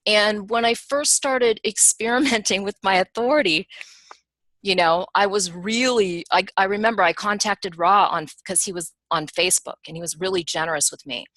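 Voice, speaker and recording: A woman's voice: medium pitch, moderate pace, no room sound. Punchy, chatty woman teaching. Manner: punchy, emphatic delivery; chatty and animated, addressing listeners as "you guys". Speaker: teacher and professional analyst. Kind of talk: casual webinar teaching.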